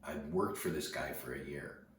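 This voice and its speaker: Man, very deep voice, halting storytelling, repeats words, far from the mic. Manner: halting, often repeats words while recalling. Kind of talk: personal storytelling. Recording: very echoey room, distant mic, noticeable background noise.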